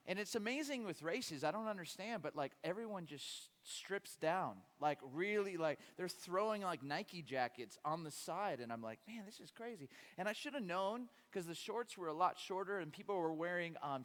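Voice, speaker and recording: A man giving a sermon as a guest preacher, telling a funny story in an animated way with frequent stammered restarts. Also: sits high, moderate pace, hardly any pauses. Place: church sanctuary. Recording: long hall reverb.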